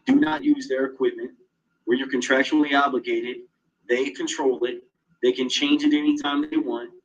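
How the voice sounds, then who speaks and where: A man's voice: medium pitch, animated, normal speed, muffled recording. A man in an agitated, profane monologue, swearing constantly as he tells his story. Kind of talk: casual monologue.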